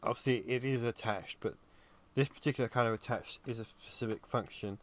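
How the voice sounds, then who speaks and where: A weary man talks through his animation work on a livestream, his medium-pitched voice easygoing and unhurried. He thinks out loud, pausing and filling gaps with ums as he goes, and sounds worn out. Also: steady tone, a little hiss or hum. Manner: thinks aloud, halting with ums while working. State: tired and yawning. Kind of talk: casual livestream commentary.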